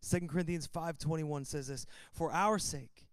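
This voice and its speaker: A man's voice: fairly high pitch, normal speed, clean tone, no echo. A man preaching a sermon as pastor, building emphasis with repetition and calls to open the Bible.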